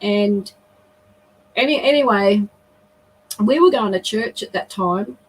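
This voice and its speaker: A woman's voice: mid-range voice, slow, slightly rough, rough recording. A middle-aged woman, a guest on a video call, earnestly telling a personal story with emotion and frequent restarts.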